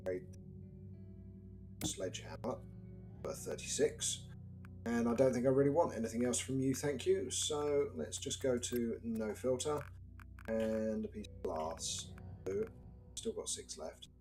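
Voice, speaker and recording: A British man casually commentating his game stream with dry, wry asides. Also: fairly low pitch. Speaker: gaming live streamer.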